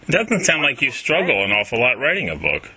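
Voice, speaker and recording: Sharp-toned male radio interviewer. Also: medium pitch, wildly swooping pitch, a little fast, husky, low-quality recording. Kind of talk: casual radio interview chat.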